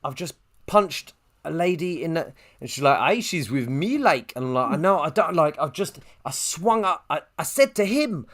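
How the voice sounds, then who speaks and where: A man co-hosting a podcast, telling a long anecdote and jumping into high quoted voices. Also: normal speed. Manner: animated storyteller, jumps pitch for quoted voices. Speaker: podcast co-host.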